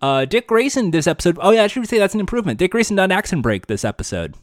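Give me a man with a lively voice co-hosting a casual show review, joking and swearing. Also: high voice, very fast, dry recording, clean studio sound. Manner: animated, laughing, swearing, puts on goofy voices. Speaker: podcast co-host. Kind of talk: casual chat reviewing a TV episode.

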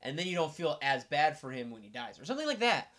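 A man co-hosting a podcast in casual chat, relaxed, mostly giving short reactions and playful asides. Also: a little high, fast talker. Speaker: podcast co-host.

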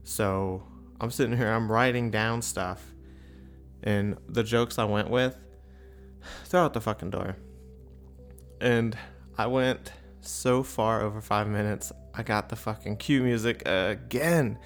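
A man's voice: lowish voice, takes it slowly, reverberant, soft background music. Profane, rambling male stand-up comic. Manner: profane, rambling, self-deprecating. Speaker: stand-up comedian. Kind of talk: stand-up set and casual recap. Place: comedy club stage.

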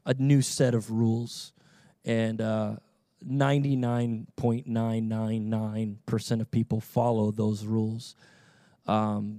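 A man preaching a sermon, moving between relaxed conversational storytelling and loud, fervent declaration. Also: medium pitch, no echo, clean studio sound. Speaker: pastor.

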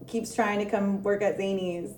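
A woman's voice: medium pitch, steady tone, moderate pace, a little mellow, a little hiss or hum. Easygoing woman in an echoey room. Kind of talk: casual podcast chat.

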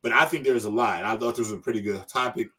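A man's voice: medium pitch, very fast, far from the mic, a loud crowd. A man hosting a casual panel talk show, speaking loosely with slang and emphatic asides. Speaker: show host.

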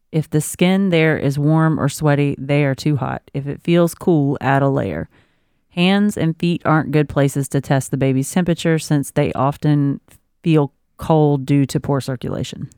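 A pregnant woman co-hosts a laid-back podcast, reading parenting advice aloud and then riffing with laughing asides. Her voice is low and slightly mellow with a clean tone. The studio recording is clean, with no room sound.

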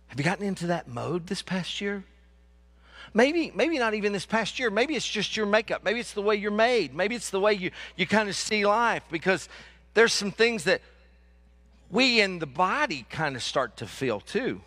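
Male pastor, sermon, very expressive, high voice, joking, repeats for emphasis. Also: normal speed.

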